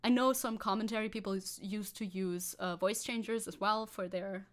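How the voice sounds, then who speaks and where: A woman's voice: medium pitch, steady tone, normal speed. A woman VTuber streaming live, chatting casually and sarcastically while reading and answering chat. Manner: sarcastic, reads chat aloud and laughs often.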